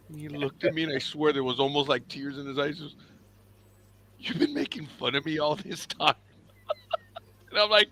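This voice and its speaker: A man's voice: on the high side, moderate pace, pauses often. A man co-hosting a casual podcast chat, telling workplace stories with lots of laughter and acted-out quotes. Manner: animated, laughs often, acts out quoted lines. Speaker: podcast co-host.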